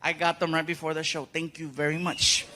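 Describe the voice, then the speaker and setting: A man doing stand-up who gives friendly, loud shout-outs to the audience. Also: on the high side, level tone, brisk, slight background noise. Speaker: stand-up comedian. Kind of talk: stand-up, chatting with the crowd.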